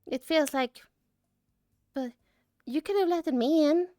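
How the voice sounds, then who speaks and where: A woman giving an emotional personal reflection as an artist. She is choked up and holds back tears, talking haltingly with many restarts and trailing phrases. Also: high voice, mellow, dry recording, studio quality.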